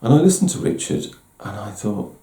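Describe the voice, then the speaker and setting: A man's voice: on the low side, big pitch swings, moderate pace, warm tone. A middle-aged man giving a candid, self-deprecating personal talk as host, often restarting his words. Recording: roomy echo.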